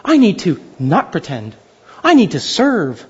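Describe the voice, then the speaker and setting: High-voiced husky preacher man, animated. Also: measured pace, muffled recording. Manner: animated, joking, acts out little dialogues. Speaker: pastor. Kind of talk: sermon.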